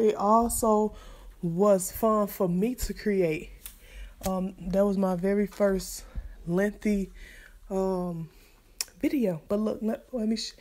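A young woman who chats casually to her viewers while cooking at home, relaxed and full of fillers. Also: medium pitch. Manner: chatty, relaxed, many fillers, speaks straight to viewers. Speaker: vlogger and mother. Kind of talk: casual cooking vlog chat. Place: home kitchen, indoors.

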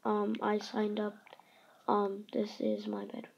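A woman's voice: mid-range voice, monotone, a little slow, creaky, dull audio. A woman playing along in a building game, answering in short teasing replies. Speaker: co-player. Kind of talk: casual gameplay chat.

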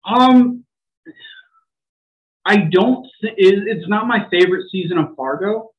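High-pitched man telling stories casually. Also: slow pace, muffled recording. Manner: laid-back storytelling, laughs easily. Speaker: podcast co-host. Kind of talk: casual chat.

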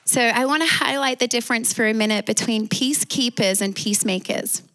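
Higher-voiced Australian woman preaching. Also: brisk, a bit bright. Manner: preaching with call-and-response amens. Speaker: pastor. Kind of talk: sermon.

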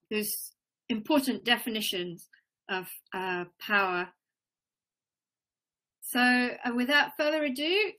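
A woman chairing an online symposium, polite and filling pauses with ums and uhs. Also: on the high side, bright, forceful tone, poor audio. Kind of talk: moderating online panel. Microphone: video call mic.

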